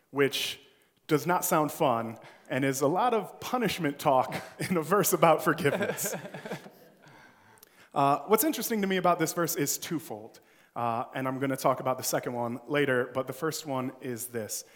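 Male preacher, light and funny storyteller, slightly high voice; recorded in a reverberant church sanctuary. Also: lively intonation, normal speed. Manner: playful storytelling with laughs. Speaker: pastor. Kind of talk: sermon. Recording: long church hall reverb.

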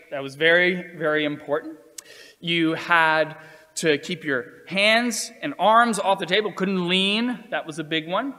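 A man with a somewhat high speaking voice tells personal stories, earnest and measured, and acts out the quotes he recalls. A long reverb tail follows his words, as if he were recorded in a large hall. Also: bright, forceful tone. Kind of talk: storytelling talk.

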